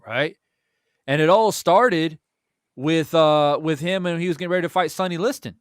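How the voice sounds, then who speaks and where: A fairly high-voiced young man hosts a boxing talk show from close to the mic in a dry room, with no echo. He tells stories in an animated way, restarts his sentences a lot and swears casually. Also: moderate pace, smooth. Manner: animated storytelling with many restarts and repeated words. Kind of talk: casual chat.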